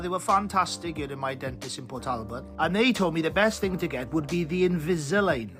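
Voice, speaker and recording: A man with a South Welsh accent rants to camera in a sweary comic monologue, his voice sitting notably high for a man. He sounds exasperated and loud-mouthed, with faint music playing underneath. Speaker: comedy TikTok creator.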